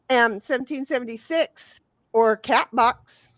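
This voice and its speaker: A woman's voice: high voice, steady tone, moderate pace, no room sound. A woman hosting a livestream, reading viewer comments aloud in a bawdy, giggly, teasing casual chat. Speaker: livestream host. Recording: dull lo-fi dry sound.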